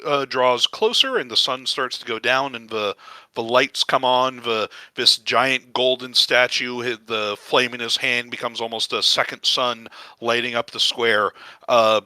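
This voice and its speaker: Casting: male game master, loose meandering scene narration, very bright tone, dry close sound. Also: mid-range voice, a little slow, no echo.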